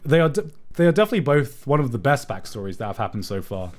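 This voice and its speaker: A young man chatting casually on a live stream. He is excitable, swears a lot and repeats himself. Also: mid-range voice, fast talker.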